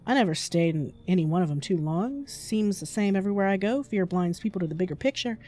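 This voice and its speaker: A woman reading the lines of a rough, cynical male drifter in a horror game, blunt and menacing. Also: fairly low pitch, animated, fast talker, dark tone. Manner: blunt, menacing street talk.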